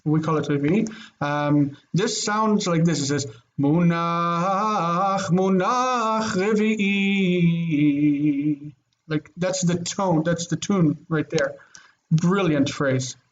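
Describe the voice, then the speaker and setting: A man's voice: on the high side, a little slow, highs cut off, a little hiss or hum. A man teaching a Biblical Hebrew grammar lesson online, explaining with eager enthusiasm and thinking aloud. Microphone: video call.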